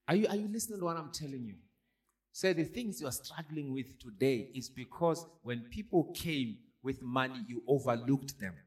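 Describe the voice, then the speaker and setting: A man's voice: mid-range voice, lively intonation, moderate pace, a little mellow. A man preaching a sermon as pastor, pressing the congregation with repeated questions like "are you hearing me". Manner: call-and-response preaching, repeated rhetorical questions.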